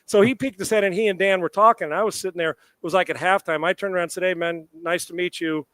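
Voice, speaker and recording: A middle-aged man co-hosting a sports talk show, telling a long, animated story with quoted dialogue and salty language. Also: high voice, quick pace.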